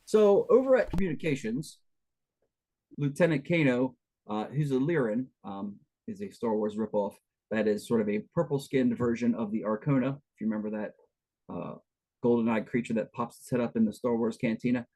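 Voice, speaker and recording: A man's voice: medium pitch, normal speed, dark tone, low-quality recording. Chatty man running a tabletop game. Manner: chatty, rambling asides with many fillers. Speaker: game master.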